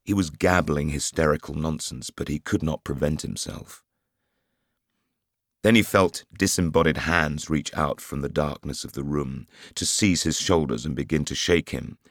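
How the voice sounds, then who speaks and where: A man with an extremely low, gravelly, husky voice narrates a thriller in a measured, dramatic way. The recording is close and dry. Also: dry recording. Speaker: audiobook narrator. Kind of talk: scripted narration.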